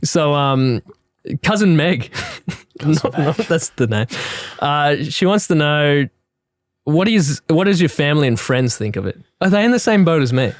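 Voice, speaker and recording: A man's voice: a little high, lively intonation, a little slow, no echo. A young man co-hosting a casual chat, reading out questions and giving short replies. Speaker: podcast co-host.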